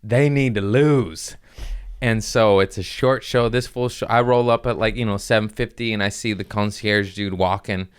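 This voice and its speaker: A comedian hosting his own podcast, swapping stories in an easy, profane way. His voice sits low and comes through smooth and resonant. He keeps it lively, leaping into high-pitched voices whenever he quotes someone. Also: normal speed, hardly any pauses. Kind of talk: casual storytelling chat.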